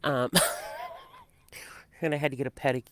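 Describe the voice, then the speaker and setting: A woman co-hosting a casual political chat podcast, talking in a rambling, halting way with frequent restarts. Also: sits low, wildly swooping pitch, fairly bright tone. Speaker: podcast co-host.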